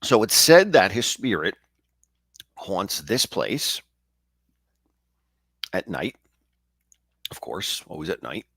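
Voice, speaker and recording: A man's voice: low-pitched, sing-song, slow, vocal fry, pauses often, a bit bright, husky, no room sound, clean studio sound. A man hosting and telling local ghost stories in a casual, conversational way, often restarting and correcting himself. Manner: conversational, chatty, with frequent restarts and asides. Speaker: storyteller host.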